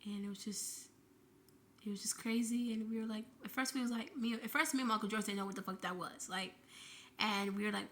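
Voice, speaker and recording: A woman's voice: fairly high pitch, fairly even intonation, fairly quick, pushed and bright. A woman vlogger telling an emotional personal story, shaken and grieving, in a breathless retelling with frequent swearing.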